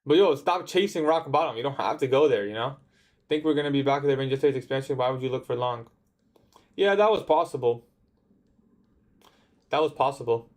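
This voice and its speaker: A man's voice: medium pitch, quick pace, a little mellow. A young man chatting casually on his day-trading livestream, answering viewer comments in a laid-back way. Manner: laid-back, says "bro" often, talks back to chat.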